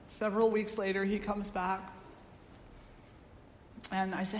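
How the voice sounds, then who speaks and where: A woman spiritual teacher giving a satsang talk, a lively storyteller who acts out the people she quotes. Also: mid-range voice, measured pace, slight background noise. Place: yoga ashram hall. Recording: roomy hall with long echo.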